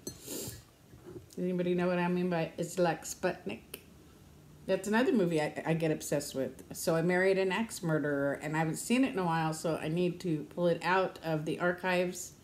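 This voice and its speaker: A woman's voice: fairly even intonation, normal speed, darkish tone, slight background noise. A woman in her fifties chatting casually to camera in a rambling, talkative way, laughing often. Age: 50s. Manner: rambling, chatty, laughs often, uses high baby-talk to her dog. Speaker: vlogger.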